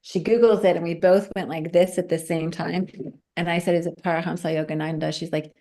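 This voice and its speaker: A woman's voice: fairly low pitch, normal speed. A woman guest telling a personal story in a casual chat, acting out the voices of the people in it. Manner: animated, acts out quoted voices.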